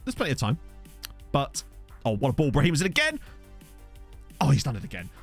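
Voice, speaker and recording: A man streaming a football management game, chatting fast with his viewers, laughing often and getting excited at the action. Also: medium pitch, faint music behind. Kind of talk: casual live-stream commentary with chat. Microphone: desk microphone.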